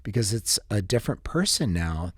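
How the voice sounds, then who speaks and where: Middle-aged guy, lowish voice, reflective wordy talk, dry close mic. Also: big pitch swings, moderate pace, husky, dry recording. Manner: thoughtful, wordy, with dry jokes. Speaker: podcast guest, pastor. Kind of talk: casual conversation.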